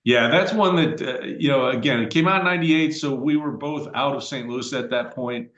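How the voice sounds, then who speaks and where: A man's voice: mid-range voice, moderate pace, fairly bright tone, dull audio. Middle-aged man hosting a podcast, roomy. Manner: rambling, conversational, frequent uh fillers and restarts. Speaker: podcast host. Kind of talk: casual podcast chat. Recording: roomy echoey room.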